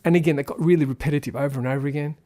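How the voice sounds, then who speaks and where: Guy ranting through a casual movie review, kinda high voice, rambly and critical. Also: steady tone, rapid-fire, dark tone. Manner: rambling, critical, thinking aloud. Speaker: film reviewer. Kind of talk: casual spoken film review.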